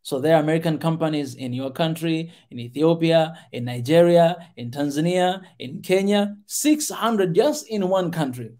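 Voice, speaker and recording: A man's voice: fairly high pitch, normal speed, few pauses, mellow. A male podcast host giving passionate commentary on a video, emphatic and repeating his key words again and again.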